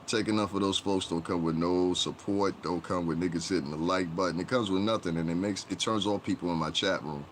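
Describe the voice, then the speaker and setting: A man with a low, deep voice hosts a casual livestream, talking straight to his chat. His delivery is blunt and profane, and it rambles through restarts and trailing "whatever"s. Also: steady tone, brisk, hardly any pauses, a little hiss or hum.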